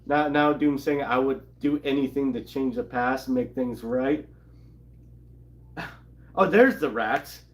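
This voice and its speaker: A man at middle pitch talks through a comic book issue in a loose, rambling way. He reads lines aloud in passing and laughs between beats. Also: takes it slowly, pauses often. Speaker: comic channel co-host. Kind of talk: casual recap of a comic.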